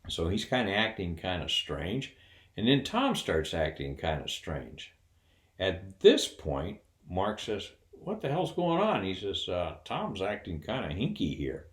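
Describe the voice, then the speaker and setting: A man's voice: sits low, reverberant. An older man casually telling a funny personal story, acting out the other people's voices and laughing along as he goes. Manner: folksy, laughs while telling.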